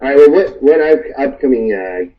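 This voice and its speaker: A man's voice: medium pitch, expressive, a little fast. A man who is a guest on a casual podcast about video games, talking in a laid-back way with short replies. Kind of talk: casual gaming chat. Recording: distant, muffled lo-fi audio.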